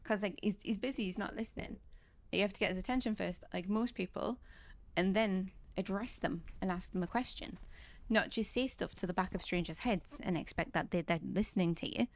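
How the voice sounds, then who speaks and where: A woman's voice: mid-range voice, fairly quick, no echo. A woman chatting casually while playing a game, telling indignant stories about work. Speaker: gamer.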